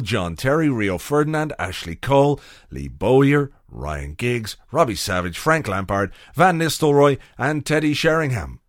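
Wry, sweary podcast host. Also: male voice, mid-range voice, dry recording, clean studio sound. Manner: wry, sweary, rambling with many fillers. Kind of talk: casual solo podcast monologue.

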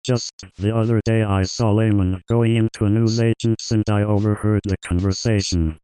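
A man delivering an absurd, crude comic monologue in a flat, deadpan manner. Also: on the low side, moderate pace, clear, resonant tone, dry recording, natural voice, low-quality recording. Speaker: comedy sketch guest.

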